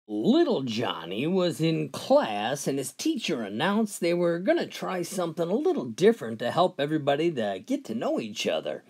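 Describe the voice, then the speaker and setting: A man's voice: wildly swooping pitch, darkish tone, breathy edge. Man telling jokes with a swooping voice. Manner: folksy, drawn-out delivery, pitch swinging widely between characters. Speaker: joke teller. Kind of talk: storytelling jokes with character voices.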